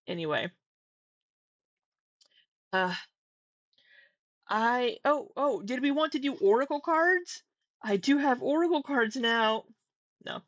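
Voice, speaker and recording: A woman's voice: on the high side, no room sound, highs cut off. A woman hosting a casual livestream, talking candidly, swearing now and then and getting exasperated. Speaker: livestream commentary host.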